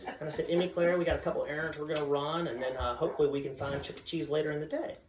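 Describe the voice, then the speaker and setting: A man doing stand-up, telling family stories with deadpan punchlines. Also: a little high, very fast, recorded from a distance. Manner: deadpan punchlines, acts out a chanting child. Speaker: stand-up comedian. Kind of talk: stand-up storytelling. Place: comedy club stage with audience. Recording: roomy stage sound, a bit off-mic.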